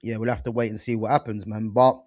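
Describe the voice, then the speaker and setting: A man's voice: on the low side, flat delivery, fast talker, a little mellow, dry recording. A young man hosting a casual football chat show, talking loosely with plenty of slang. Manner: laid-back, loose slangy talk peppered with "man" and "bro". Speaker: podcast host.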